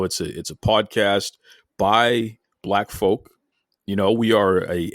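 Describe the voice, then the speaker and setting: Boston-accented male podcast host, playful and halting, with a bouncy, animated voice. Dry, close recording. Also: lowish voice, dry recording. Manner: jokey, stammering, lively teasing. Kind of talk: casual interview chat.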